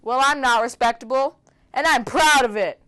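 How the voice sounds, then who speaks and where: A woman's voice: sits high, normal speed, fairly bright tone. Bossy scornful woman pirate. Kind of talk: improvised pirate comedy skit.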